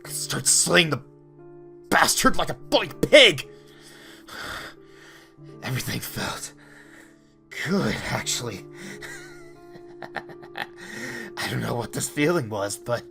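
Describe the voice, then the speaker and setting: A man in his twenties voicing a haunted, stammering teenage boy turned killer in a creepypasta monologue, with a hushed, whispery, gravelly voice. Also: medium pitch, fairly quick, few pauses, close to an everyday voice. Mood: frantic, unhinged. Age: 20s. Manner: stammering, numb then unhinged. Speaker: voice actor. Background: music.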